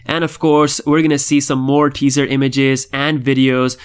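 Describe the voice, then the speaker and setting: A man's voice: mid-range voice, monotone, normal speed, clear, resonant tone. A man hosting a tech news vlog, delivering scripted updates in an upbeat, enthusiastic way. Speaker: tech channel host.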